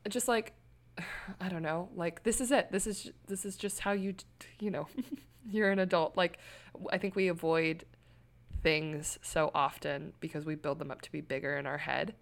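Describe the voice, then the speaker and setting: A young adult woman co-hosting a podcast, telling a personal story in casual chat with candid, animated delivery. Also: lowish voice, moderate pace, gravelly. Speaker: podcast co-host.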